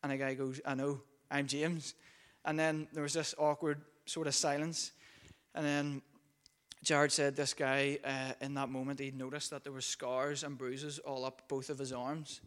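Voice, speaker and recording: A man preaches a sermon in a relaxed, conversational way, telling a story with frequent ums and uhs. His voice sits at a middle pitch and stays fairly flat throughout. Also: normal speed, clean tone. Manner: conversational, many fillers while recounting a story.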